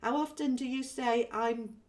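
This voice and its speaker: Far from the microphone, a woman with a higher voice hosts a spiritual stream at an unhurried pace. Her manner is relaxed and chatty, with many ums, as she voices comments from viewers.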